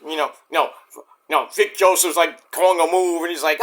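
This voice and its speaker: A man ranting casually as a wrestling vlogger, rambling and animated, breaking into sudden shouts. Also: fairly high pitch, moderate pace.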